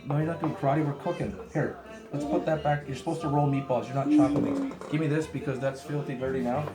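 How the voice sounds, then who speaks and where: A man hosting a casual home cooking demonstration, chatting with joking asides while gently scolding a child who is helping. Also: on the high side, steady tone, fast talker, echoey room, over loud music. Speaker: home cooking show host. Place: home kitchen.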